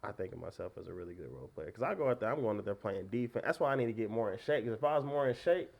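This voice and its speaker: A young American man in his twenties, a guest telling stories in casual chat, animated and laughing often, swinging between loud and soft. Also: on the low side, racing, vocal fry, highs cut off. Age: 20s. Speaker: podcast guest, DJ.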